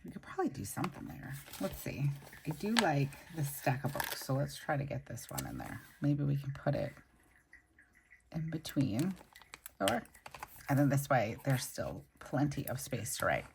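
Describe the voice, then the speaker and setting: Still getting over a migraine, the host of a planner channel, a young woman, gushes about stickers as she decorates her planner in a casual plan-with-me chat. Her rumbling low voice swings hugely in pitch at a normal speed, with vocal fry and a slightly mellow tone over slight background noise.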